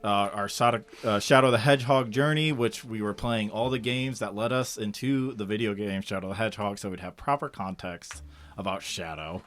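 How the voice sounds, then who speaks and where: A man hosting a casual gaming podcast, steering the talk in a lively way. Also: on the low side, fairly quick. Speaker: podcast host. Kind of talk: casual chat.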